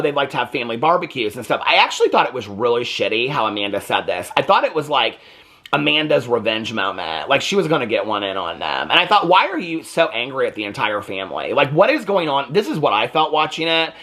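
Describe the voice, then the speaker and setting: A man's voice: mid-range voice, sing-song, a little fast, sharp tone. A man hosting a chatty, opinionated recap of a reality TV show, full of "like" fillers. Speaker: TV recap host. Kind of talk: casual reality TV commentary.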